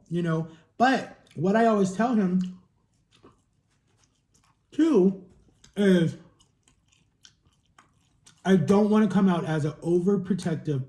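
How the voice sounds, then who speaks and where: A man's voice: on the high side, mellow. A man in his thirties talking earnestly and at length in a rambling, repetitive way, as on a mukbang vlog. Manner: earnest, rambling, repeats himself. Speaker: vlogger. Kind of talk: emotional mukbang talk. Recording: echoey room.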